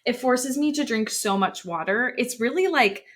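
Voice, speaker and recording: A young woman with vocal fry co-hosting a casual podcast, chatty and swearing casually. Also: a little high, lively intonation, moderate pace, fairly bright tone. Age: young adult. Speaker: podcast co-host. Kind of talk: casual chat.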